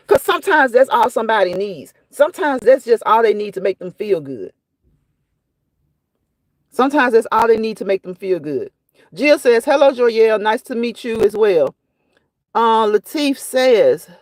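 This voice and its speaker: A woman's voice: fairly high pitch, big pitch swings, normal speed, no echo. A woman hosting a casual live stream, reading viewers' comments aloud and reacting to them in a chatty way that often repeats phrases.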